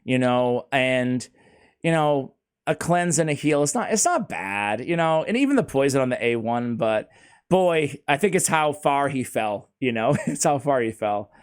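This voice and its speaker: A man hosting a casual gaming chat, excitable and laughing often, talking like he's with a buddy. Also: mid-range voice, moderate pace, smooth. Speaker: host.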